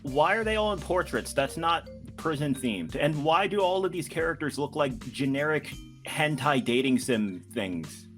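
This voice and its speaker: A man's voice: on the high side, expressive, moderate pace, a bit bright, soft background music. A man mocking a webtoon in casual comedic commentary with friends, sarcastic and dry. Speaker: co-host reading a webtoon.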